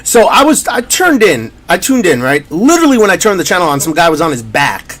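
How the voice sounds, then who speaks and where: A man co-hosting a casual sports podcast. His voice sits a little high and swings up and down with energy. He tells stories and slips into acted-out quotes along the way. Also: brisk. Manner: animated, storytelling with acted-out quotes. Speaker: podcast co-host.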